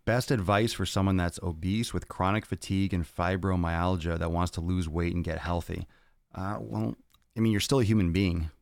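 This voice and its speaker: A man with a very deep, low voice answers fan questions on his fitness podcast. He is blunt and profane and rants at times. The sound is dry and close, with no room around it. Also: fairly even intonation, moderate pace, creaky, dry recording. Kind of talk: casual Q&A answering viewer questions.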